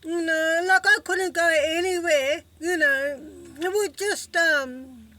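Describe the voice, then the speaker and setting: A woman talking to camera in a personal vlog, halting and emotional, with many fillers. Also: extremely high pitch, pushed and bright. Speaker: vlogger. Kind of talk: personal recovery vlog monologue.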